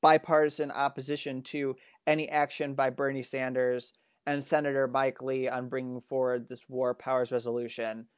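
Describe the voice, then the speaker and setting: A man's voice: medium pitch, level tone, smooth, dry recording, clean studio sound. A man co-hosting a political talk show, explaining votes in casual chat with many fillers. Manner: reads out quotes, laughs often, halting with fillers. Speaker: political news show co-host.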